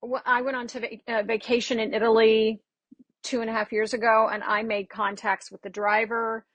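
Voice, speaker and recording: Husky-voiced woman dialect coach. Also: fairly high pitch, moderate pace, no room sound, dull audio. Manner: lively storyteller, acts out quoted exchanges. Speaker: dialect coach, podcast guest. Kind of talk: casual interview chat.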